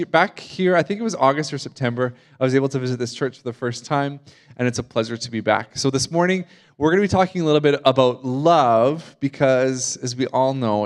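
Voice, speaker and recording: Chatty Canadian man preaching. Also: medium pitch. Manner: chatty, self-deprecating, asks the congregation questions. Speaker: guest preacher. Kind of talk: conversational sermon. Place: church sanctuary before a congregation.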